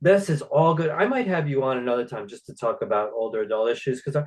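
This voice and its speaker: A man hosting a casual interview show, upbeat and quick to laugh, with a Long Island accent. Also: mid-range voice, rough recording. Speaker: podcast host.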